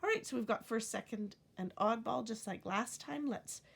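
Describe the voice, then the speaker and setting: A woman teacher walking through a phonics word sort, speaking clearly and deliberately and stretching words to show the stress. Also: fairly high pitch. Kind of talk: classroom phonics lesson.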